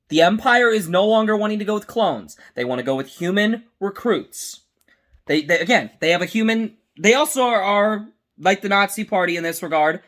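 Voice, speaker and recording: A man hosting a casual fan review, talking excitedly and rambling, often stopping to correct himself mid-sentence. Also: sits high. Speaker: host.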